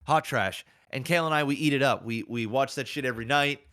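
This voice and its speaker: A man's voice: mid-range voice, fast talker. A man co-hosting a podcast, chatting casually and animatedly, swearing freely and acting out quoted lines. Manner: animated, profane, acts out quotes. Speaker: podcast co-host.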